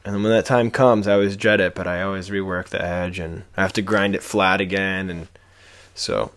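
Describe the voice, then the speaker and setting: A man co-hosting a podcast about woodcarving, talking in a low-key, self-deprecating way that trails off at the ends of thoughts. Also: steady tone, moderate pace, fairly bright tone. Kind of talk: casual chat.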